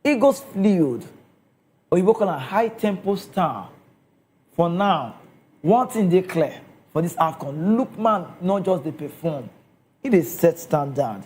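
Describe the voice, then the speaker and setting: A man's voice: sits high, animated, measured pace, pauses often, a little mellow. A man with a Nigerian accent giving casual football commentary, chatty and often checking in with his listeners.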